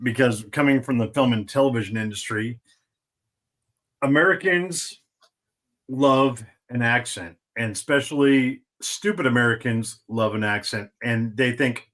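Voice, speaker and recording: A man's voice: mid-range voice, measured pace. A man co-hosting a podcast in casual chat, telling stories with crude jokes. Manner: animated storyteller, crude and joking. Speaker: podcast co-host.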